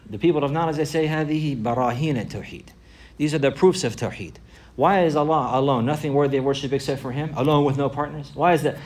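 Fast-talking male religious teacher. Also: mid-range voice, a little hiss or hum. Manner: repeats key phrases for emphasis; recites Arabic phrases quickly. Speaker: Islamic teacher. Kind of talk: religious lesson.

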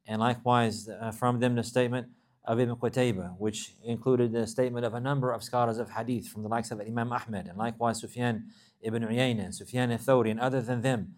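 A man gives a religious lesson at a brisk clip. He reads classical Arabic text rapidly and then explains it in English, repeating and rephrasing phrases as he goes. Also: mid-range voice, steady tone. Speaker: Islamic teacher.

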